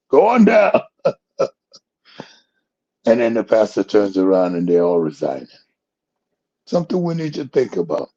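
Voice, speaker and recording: A man's voice: medium pitch, gravelly, mellow, slightly rough, highs cut off. A man hosting a talk show, telling a rambling joke in casual chat and chuckling at his own punchlines. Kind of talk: casual storytelling commentary.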